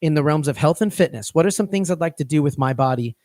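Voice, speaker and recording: A man's voice: a little high, expressive, fast, darkish tone, dry recording, studio quality. A man co-hosting a fitness coaching podcast, talking casually and rambling, often restarting his phrases.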